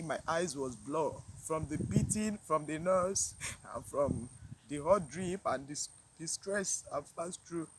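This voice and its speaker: A woman's voice: sits low, noisy background. Emotional woman telling her story. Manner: halting, repeats herself, sighs. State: emotional, near tears. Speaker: vlogger. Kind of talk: personal storytelling to camera.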